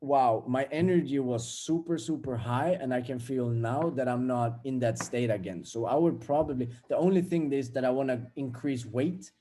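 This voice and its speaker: A man's voice: mid-range voice, moderate pace, few pauses, warm tone. A young man giving a casual, blunt motivational talk, swearing freely and acting out everyday scenes. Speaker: self-development vlogger.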